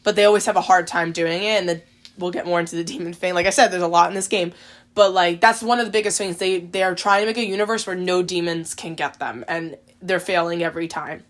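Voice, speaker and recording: A woman's voice: on the low side, steady tone, quick pace. Chatty woman podcast co-host. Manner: chatty, heavy use of "like". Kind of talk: casual chat about a video game.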